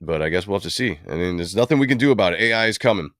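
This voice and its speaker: A man's voice: deep voice, lively intonation, very fast, a bit bright, no room sound, studio quality. A man hosting a livestream, talking casually and at length, rambling with many fillers. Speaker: livestream host. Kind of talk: casual commentary on comic book films.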